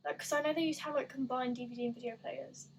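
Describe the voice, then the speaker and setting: Young woman, 18, slightly high voice, rambling casual chat, lots of fillers, faint background hum. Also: steady tone, quick pace, low-quality recording. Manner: rambling, self-deprecating, filler-heavy with lots of "like". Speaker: gaming YouTuber. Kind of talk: casual chat while doing an online quiz.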